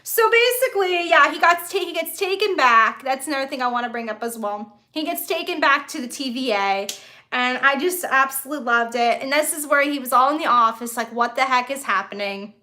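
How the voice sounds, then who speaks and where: A woman's voice: sits high, lively intonation, a little fast, sharp tone. A woman hosting a casual live stream from a phone on a tripod, rambling and reading out viewer comments as she goes. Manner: chatty, rambling, reads viewer comments aloud.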